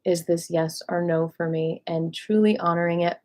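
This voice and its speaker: A woman leading a qigong meditation class, speaking in a gentle, affirming way and often repeating her cues. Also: on the low side, steady tone, normal speed. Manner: gentle, affirming, repetitive coaching. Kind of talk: guided meditation instruction.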